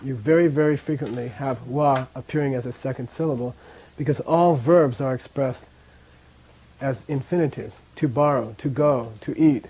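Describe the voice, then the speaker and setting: A man's voice: medium pitch, moderate pace, a little mellow, slightly rough, muffled recording. A man teaching a language class, patiently repeating sounds for his students and chuckling now and then as he explains. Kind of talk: classroom lesson with drills.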